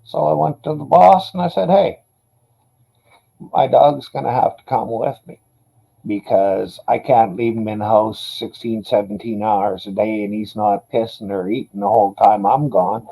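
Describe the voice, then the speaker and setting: Laid-back man with a mellow voice. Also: lowish voice, fairly even intonation, moderate pace, creaky, slightly rough, rough recording. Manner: laid-back, profane storytelling. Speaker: dog owner telling stories. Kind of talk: casual chat.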